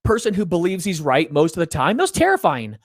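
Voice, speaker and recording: Middle-aged man, earnest interview guest, very lively pitch, dry close sound. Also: fast talker, no room sound. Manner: earnest, animated, drops low to make a point. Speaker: interview guest, parenting author. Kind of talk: animated storytelling in an interview.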